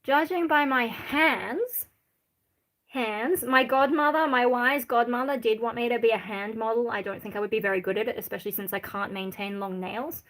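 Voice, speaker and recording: An Australian woman from Sydney chatting casually on a livestream, reading out viewer comments in a rambling, candid way with many pauses. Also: a little high, fairly bright tone. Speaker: livestream host.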